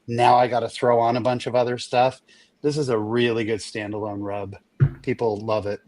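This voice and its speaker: A man with an average-pitched voice talks up a favorite rub in easy, enthusiastic conversation. His podcast chat is relaxed and friendly. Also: moderate pace. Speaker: panelist.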